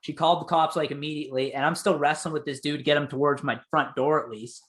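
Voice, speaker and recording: A young man with a fairly high voice tells a story in loose podcast talk. He swears freely and acts out what people said in lively voices. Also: fast. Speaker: podcast co-host telling a story. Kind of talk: casual chat.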